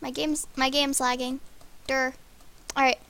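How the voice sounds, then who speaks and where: A woman's voice: sits high, little pitch movement, a little slow, fairly bright tone. A woman improvising a story while she plays a video game, bossy and easily sidetracked, often stopping to scold someone. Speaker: narrator and player. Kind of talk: improvised story narration over gameplay.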